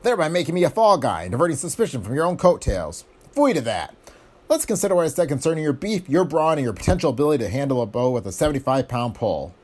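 A tough, wisecracking private eye from a pulp story, as a man narrating puts him on. He throws out sardonic, cocky jabs in a husky voice whose pitch swings in a lively way. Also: fast.

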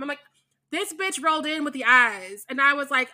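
A young woman co-hosting a podcast in casual chat, blunt and animated, swearing freely. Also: high voice, a little fast. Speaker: podcast co-host.

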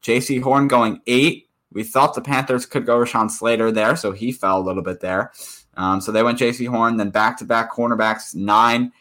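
A man's voice: mid-range voice, fairly even intonation, moderate pace, a bit bright. A man co-hosting a casual sports podcast, rambling with frequent restarts. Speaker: podcast co-host.

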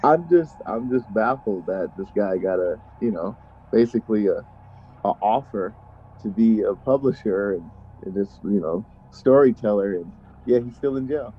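A man's voice: fairly low pitch, animated, normal speed, a little hiss or hum. A man co-hosting a podcast, chipping in with short reactions and wry jokes. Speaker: podcast co-host. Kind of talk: casual chat, reactions and quips. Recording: dull lo-fi audio.

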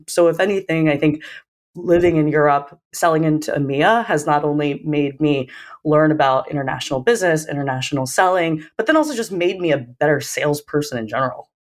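A woman's voice: low-pitched, fairly quick. An American woman, a sales leader, telling stories in a casual interview and acting out the dialogue. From United States. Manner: animated storyteller, acts out dialogue. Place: living in London.

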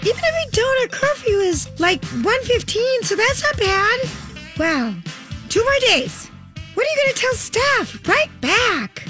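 A woman playing a manipulative, gossipy teenage girl, reading out notes in a fast, high, chirpy voice. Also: sing-song, over music, exaggerated voice. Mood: scheming, gossipy. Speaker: actor reading old high school notes.

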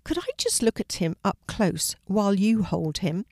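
A woman voicing a shy, nervous young schoolgirl in a children's storybook reading, soft and hesitant. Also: mid-range voice, animated, normal speed, no room sound, studio quality.

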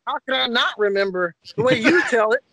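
A man chiming in wryly about an old memory. His voice is very high and gravelly. Loud crowd chatter fills the background. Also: animated, a little fast. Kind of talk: casual chat.

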